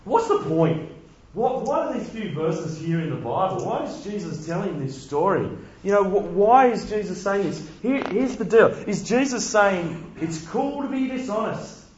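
A man's voice: high-pitched, very animated, moderate pace, lo-fi sound, a little hiss or hum. Man preaching in a roomy hall. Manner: conversational, with rhetorical questions. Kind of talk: sermon.

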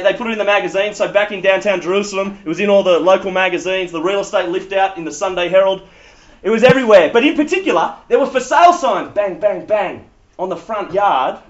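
A man preaching a sermon, telling stories with animated humor. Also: sits high. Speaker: pastor. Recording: dull lo-fi sound.

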